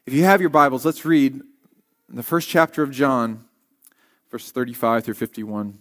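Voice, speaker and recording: A man's voice: mid-range voice, moderate pace. A man, a guest preacher, giving a conversational sermon and reading scripture aloud. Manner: conversational, with fillers.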